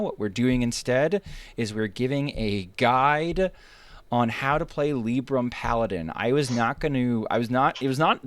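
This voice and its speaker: A man hosting a casual gaming chat, quick and joking, often restarting his sentences. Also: mid-range voice, dry recording. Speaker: host. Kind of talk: casual podcast-style chat.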